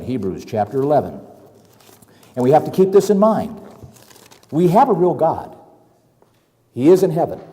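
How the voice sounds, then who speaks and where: A middle-aged man preaching with a mellow, warm tone and a lively, swooping delivery. He talks in a folksy way, slips into worried put-on voices for his examples, and chuckles at them. His voice rings out with a long hall reverb. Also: fairly high pitch. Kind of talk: sermon.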